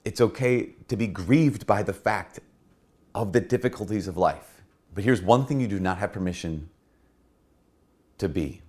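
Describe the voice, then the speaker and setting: A man's voice: low voice, darkish tone. A middle-aged man, a Catholic priest, giving an earnest spoken reflection and repeating key phrases for emphasis. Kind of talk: spoken homily-style reflection.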